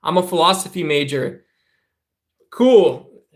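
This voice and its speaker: A man's voice: a little high, lively intonation, slow, echoey room. A man hosting a livestream, ranting heatedly and profanely while talking straight to his chat. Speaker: livestream host.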